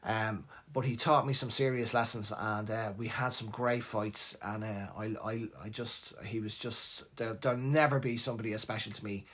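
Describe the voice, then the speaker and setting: A middle-aged Irish man from Dublin hosting a live show. He tells a personal story in a casual, animated and emotional way, with lots of restarts. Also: fairly low pitch, moderate pace, hardly any pauses, husky. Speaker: host.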